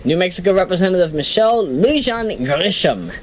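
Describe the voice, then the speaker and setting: A woman talks through a list in a loose, casual vlog voice, her pitch bouncing around animatedly. She laughs at herself and apologizes for stumbling over names. A faint hiss sits under the voice. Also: big pitch swings, fairly quick, poor audio. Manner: chatty, self-deprecating, giggly, apologizes for mispronunciations. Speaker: vlogger. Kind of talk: casual solo commentary, reading down a list.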